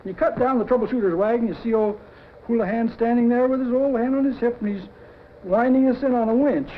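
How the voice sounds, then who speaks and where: A middle-aged man with a high voice pitches a cartoon storyboard, acting out every sound effect with energy. The recording is dull and lo-fi, with a faint hiss underneath. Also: fast talker. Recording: dull lo-fi 1950s TV audio.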